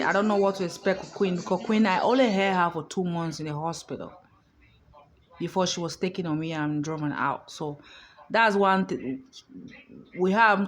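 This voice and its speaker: Outspoken woman vlogger, emphatic. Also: on the low side. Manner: emphatic and outspoken, swears freely. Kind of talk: casual storytelling monologue. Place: hotel room.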